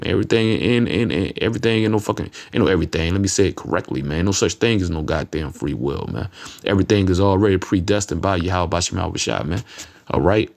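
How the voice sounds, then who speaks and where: A man preaching informally from scripture, blunt and profane, often tagging his lines with "man" and "you know what I'm saying," and reading verses slowly with emphasis. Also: on the low side, darkish tone. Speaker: street preacher.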